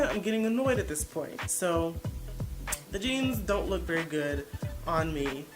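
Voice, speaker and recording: Blunt woman vlogger over loud music. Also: medium pitch, lively intonation, moderate pace. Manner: blunt, defensive, rambling. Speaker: vlogger reacting to a video. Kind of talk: casual reaction commentary.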